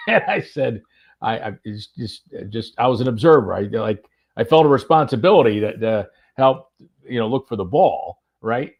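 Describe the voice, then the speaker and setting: A man casually telling a golf anecdote on a podcast, animated, with plenty of fillers and restarts. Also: mid-range voice, moderate pace, highs cut off. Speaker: golf radio reporter and podcast guest. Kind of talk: casual storytelling chat.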